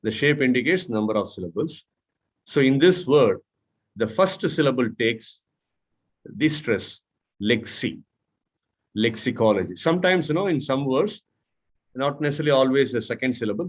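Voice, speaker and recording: A man's voice: mid-range voice, animated, moderate pace. Man from India, mentor, teaching talk, spells out letters, repeats words, asks questions. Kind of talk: instructional talk.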